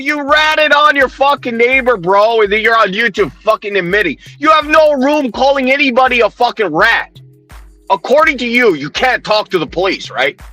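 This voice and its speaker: A man's voice: very high voice, sharp tone. A man ranting heatedly on a livestream, swearing constantly, mocking and confronting people while he answers his chat.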